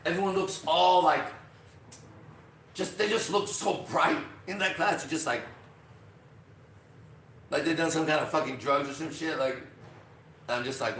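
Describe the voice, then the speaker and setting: A man with a slightly high voice tells a story in a loose, cursing, animated way, switching into the voices of the people in it. He sits some way back from the microphone, so the room rings around him. A faint hiss sits underneath. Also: moderate pace. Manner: profane, animated, acts out quotes. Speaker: podcast host. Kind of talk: casual storytelling. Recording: roomy, distant from mic.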